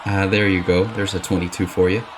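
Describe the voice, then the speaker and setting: A man's voice: sits low, flat delivery, a little fast, noisy background. A man player in a tabletop game, describing his character's actions hesitantly. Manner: hesitant, with fillers.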